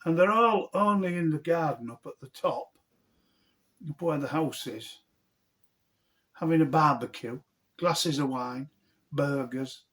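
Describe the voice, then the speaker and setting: A middle-aged man, telling a funny story from his own life in an animated, earthy, self-mocking way. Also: fairly high pitch, a little slow, pauses often. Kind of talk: humorous personal storytelling.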